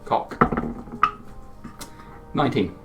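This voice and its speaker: A man acting as dungeon master, narrating combat and calling rolls in a tabletop game session. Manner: narrates combat briskly between rules calls. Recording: distant mic with music behind.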